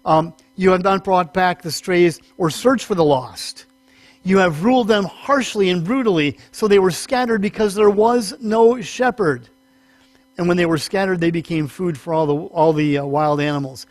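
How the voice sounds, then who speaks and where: A man with a somewhat high voice teaches scripture from the pulpit in a talky, self-correcting way. His voice climbs when he presses a point. The recording is dry and close, with a faint mains hum underneath. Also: moderate pace, no room sound. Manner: conversational, self-correcting, rises in pitch for emphasis. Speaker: pastor. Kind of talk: sermon teaching.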